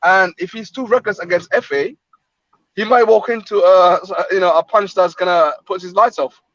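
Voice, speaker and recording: A man's voice: sits high, normal speed, a bit bright, no echo. A man hosting a casual boxing chat, rambling with fillers and restarts. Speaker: boxing channel host. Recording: dull lo-fi dry sound.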